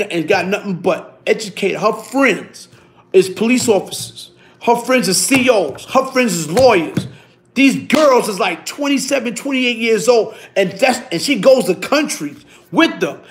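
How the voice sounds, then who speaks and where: A middle-aged man, telling stories in a casual, animated way, full of street slang and repeating himself. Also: extremely high pitch, gravelly. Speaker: interviewee. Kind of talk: casual storytelling.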